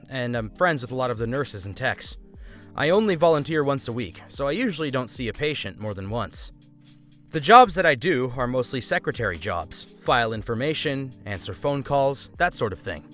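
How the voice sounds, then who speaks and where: A man hosting a show and reading online stories aloud in a lively, expressive way. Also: medium pitch. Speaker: host and story reader.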